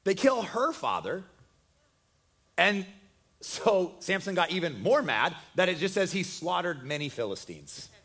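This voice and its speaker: A preacher with a fairly high male voice tells a story in a loose, chatty sermon. He jokes as he goes and keeps the retelling lively and conversational. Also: a little slow. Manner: joking, conversational, animated retelling.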